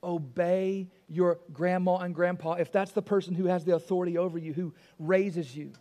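A male pastor preaches a sermon in an extremely high-pitched voice, with a long reverb tail trailing his words. He's emphatic, repeating key phrases and putting rhetorical questions to the congregation.

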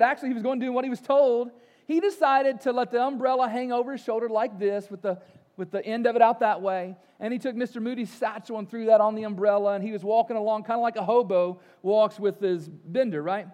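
A male pastor preaching a sermon, telling a story and moving between loud, emphatic passages and soft, slow ones. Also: extremely high pitch.

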